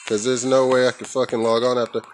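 A man's voice: medium pitch, flat delivery, fast, a little hiss or hum, rough recording. A young man recording his own gameplay at home on a headset mic, trash-talking, cussing and yelping as he plays. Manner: playful trash talk, cussing, sudden yelps. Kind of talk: casual gameplay commentary.

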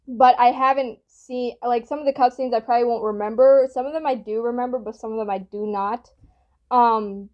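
A woman hosting a reaction video, talking casually with excited gushing outbursts and rambling, apologetic asides. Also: on the high side, lo-fi sound.

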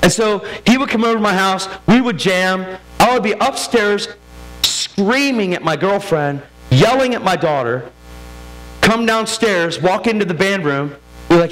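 A man's voice: sits high, expressive, a little slow, a bit bright, poor audio. A man giving a sermon testimony, telling his story in a casual, streetwise way and acting out the voices of people in it.

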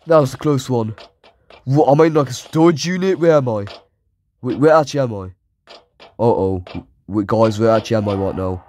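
A man's voice: mid-range voice, fairly quick, a little mellow. Jumpy man playing a horror game. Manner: jumpy, shrieks at scares, taunts the enemies. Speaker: gaming YouTuber. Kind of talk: let's play commentary.

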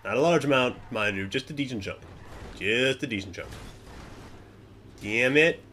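A young man giving casual gameplay commentary, swearing often and muttering to himself, then yelling at other players. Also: mid-range voice, expressive, normal speed, slight background noise.

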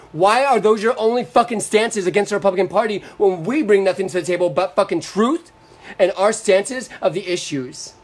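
A man's voice: high voice, fast talker. A young man from Florida hosting a live stream, ranting angrily about politics with lots of swearing and sarcasm. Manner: profane, combative, sarcastic. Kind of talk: angry political rant.

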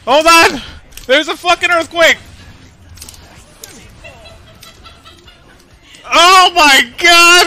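A male streamer shouting in panic and swearing during a live game stream. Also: extremely high pitch.

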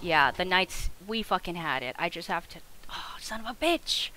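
A woman with a lowish voice gives live play-by-play of her game, cursing often. Her pitch rises and falls a great deal as she goes from loud frustration to quiet muttering. Faint noise sits under her voice. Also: lively intonation, normal speed, low-quality recording. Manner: swears a lot and talks to the game; swings between loud outbursts and quiet mutters. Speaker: streamer. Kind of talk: live gameplay commentary.

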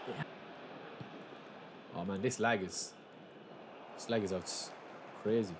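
A young man hosting a gaming channel, talking casually through a live match and breaking into loud, excited shouts. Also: fairly low pitch, a little slow. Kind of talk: live gameplay commentary. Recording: steady background noise.

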